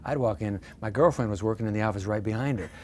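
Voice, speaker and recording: Man in his 60s, low-pitched, story-telling pastor, light background noise. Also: quick pace. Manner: lively anecdotal storyteller with self-deprecating humor. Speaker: pastor, interview guest. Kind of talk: storytelling in a casual interview.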